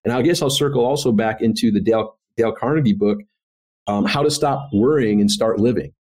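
A man's voice: fairly low pitch, fairly quick, a little mellow. Earnest, reflective male podcast guest. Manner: earnest, reflective, faith-centered. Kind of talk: casual interview chat.

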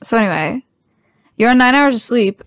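A woman's voice: fairly high pitch, expressive, normal speed, fairly bright tone, no room sound. A young woman in her twenties co-hosting a podcast in casual chat, teasing and playfully bossy. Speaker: podcast co-host.

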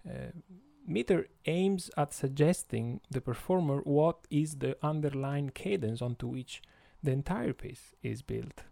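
A man with an Italian accent, Italian his first language, hosting an educational podcast at an unhurried, halting pace. His tone is mellow and dark, with a gravelly edge. The recording is dry and close. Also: mid-range voice, expressive, no echo. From Italy. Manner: slow and hesitant, many fillers. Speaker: podcast host.

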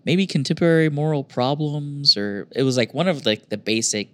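A man hosting a podcast in casual chat, animated and swearing freely. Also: fairly high pitch, normal speed, no room sound. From Oklahoma. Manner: animated, swears freely, mimics voices in quotes. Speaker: podcast host.

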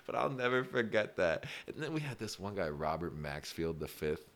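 A young man with a very deep, low voice chats casually, telling school stories. He rambles, fills his sentences with "like," and breaks into laughter often. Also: normal speed. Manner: rambling, animated, laughs often, many "like" fillers. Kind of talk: casual storytelling chat.

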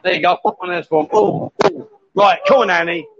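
A man's voice: high voice, sing-song, fast talker, vocal fry, muffled recording, noisy background. A man hosting a casual live stream from a bar, cheerfully coaching women at a pool table and calling them sweetheart and darling. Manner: cheery, coaxing, says "sweetheart" and "darling" a lot. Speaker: host.

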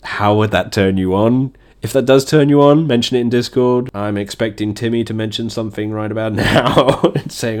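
A man's voice: on the low side, normal speed, few pauses. A man hosting a casual comedy chat, mocking lines and laughing often between them. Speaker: podcast host.

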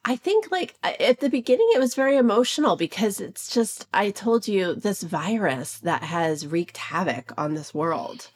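A woman's voice: medium pitch, lively intonation, moderate pace, few pauses, darkish tone. A woman co-hosting a podcast while sick and congested, talking candidly and reflectively from a remote setup. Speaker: podcast co-host, professional organizer. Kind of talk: casual chat. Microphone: remote recording setup.

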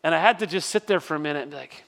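Middle-aged pastor guy, fairly high voice, chatty sermon storytelling, lots of restarts, echoey hall. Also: rapid-fire, gravelly, a bit bright. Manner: conversational storytelling with frequent restarts. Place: church sanctuary. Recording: long reverb of a large hall.

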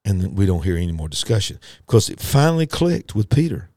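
A male preacher delivers a sermon in a low, mellow voice, hammering points home through repetition and calling out to his listeners. The sound is dry and close. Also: very animated, fast talker, no room sound. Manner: emphatic, repetitive, rising to fervent pitch; folksy, addresses listeners directly.

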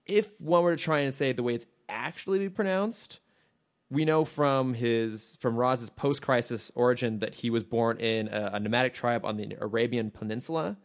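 Male podcast co-host, mid-pitched, chatty and enthusiastic, rambles with restarts. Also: normal speed. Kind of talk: casual chat.

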